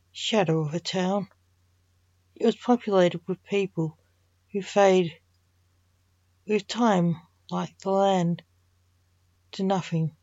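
A woman author reading her own dark, poetic story in a slow, measured way, in a dull lo-fi recording. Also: medium pitch, no room sound.

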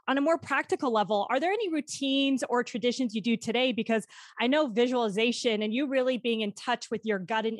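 A woman's voice: a little high, no room sound, studio quality. A woman hosting a podcast, asking eager, upbeat questions in a casual interview. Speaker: podcast host.

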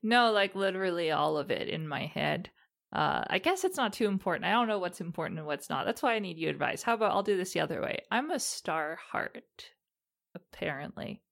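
A woman's voice: fairly low pitch, lively intonation, brisk, gravelly, a bit bright. A woman playing her character in a tabletop game, talking in a rambling, hesitant way. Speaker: player. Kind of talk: tabletop role-play, in character.

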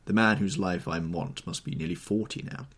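A desperate young man bent on revenge, as a male storyteller plays him, crying out in fierce, anguished bursts. The voice is gravelly and husky, with a wide, lively pitch. This is an audiobook reading. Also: normal speed, exaggerated voice. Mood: grim.

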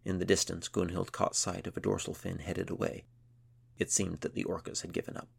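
A man narrating a children's adventure story in a measured storytelling manner. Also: sits low, little pitch movement, creaky, breathy edge. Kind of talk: scripted narration.

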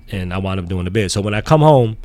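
A middle-aged man from the Bronx, telling a profane, animated story as a podcast guest. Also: low-pitched, fast talker. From the Bronx, New York. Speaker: podcast guest, sneaker collector. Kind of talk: casual storytelling in an interview.

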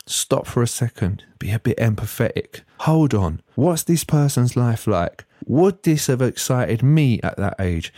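A man's voice: medium pitch, dark tone, dry recording, clean studio sound. A man, hosting a solo podcast rant, swearing freely and stuttering when worked up. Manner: swearing, exasperated, slangy. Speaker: podcast host.

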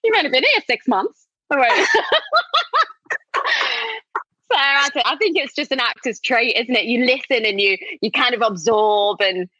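A woman's voice: on the high side, expressive, normal speed, sharp tone, no echo, muffled recording. A woman in her thirties with a northern English accent touched by Scouse, chatting openly as an actor in an interview and laughing often. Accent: northern English, Scouse-tinged. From northern England. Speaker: actor and podcast guest. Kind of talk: casual interview chat.

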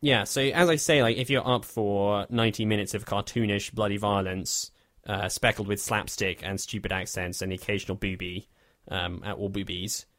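A man's voice: on the low side, steady tone, moderate pace, fairly bright tone, no room sound, clean studio sound. A man, casually reviewing a film in a wry, rambling way. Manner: wry, rambling, self-deprecating. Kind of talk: casual chat.

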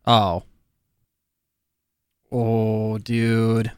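A man playing a tabletop game, talking in an excitable way, swearing a lot and laughing often. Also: fairly low pitch, extremely slow, smooth, dry recording, clean studio sound. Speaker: player. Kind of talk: casual chat at a tabletop game.

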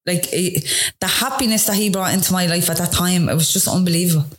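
Chatty Dublin woman telling her story. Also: on the low side. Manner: chatty, fast, laughing asides. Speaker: interview guest. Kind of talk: casual storytelling.

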